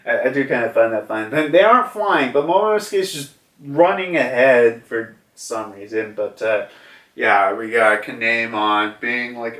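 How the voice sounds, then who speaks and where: A man's voice: mid-range voice, lively intonation, normal speed, a bit bright. A man casually recapping a manga chapter, rambling with lots of fillers as he goes. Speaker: manga reviewer. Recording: roomy, from a distance.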